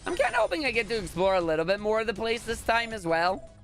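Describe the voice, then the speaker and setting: A Scottish man chats his way through a speedrun on stream, quick to joke and prone to loud outbursts. His voice sits high and swings up and down a lot. Faint game music plays underneath. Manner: excitable, jokey, bursts into loud exclamations. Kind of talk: casual live-stream commentary.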